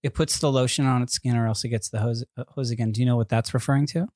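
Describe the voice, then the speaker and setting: Man, podcast host, teasing and playful, rambling, dry close sound, mid pitch. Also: steady tone, racing, darkish tone, dry recording. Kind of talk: casual chat, running a quiz game.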